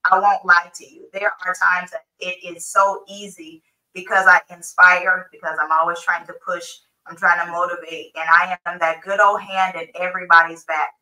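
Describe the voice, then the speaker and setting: American woman, podcast guest, casual chat, playful, bright tone. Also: fairly low pitch, level tone, moderate pace, far from the mic, low-quality recording. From United States. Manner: playful, warm-hearted, laughs easily.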